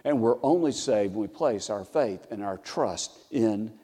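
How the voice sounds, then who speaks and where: A man preaching a communion sermon, rising in force for scripture readings and dropping low and quiet to press a point. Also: animated, moderate pace, few pauses, husky. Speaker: pastor. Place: church sanctuary. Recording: long church reverb.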